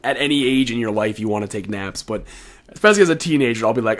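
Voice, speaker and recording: A man's voice: lowish voice, expressive, fairly quick, fairly bright tone. Rambling teenage guy, late-night commentary. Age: teens. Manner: rambling, frank, swears casually. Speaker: video creator. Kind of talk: casual solo commentary.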